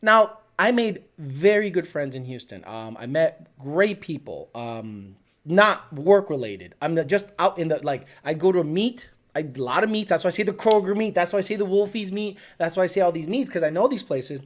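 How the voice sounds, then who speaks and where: A woman's voice: on the low side, animated, moderate pace. A woman hosting a live show, telling stories in a casual, profane, laughing way. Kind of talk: casual storytelling.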